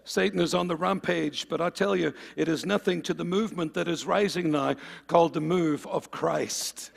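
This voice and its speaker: A man preaching a fervent sermon, calling on the congregation for amens and swinging between loud and quiet passages. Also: high voice, fairly quick, gravelly, hardly any pauses, long reverb tail.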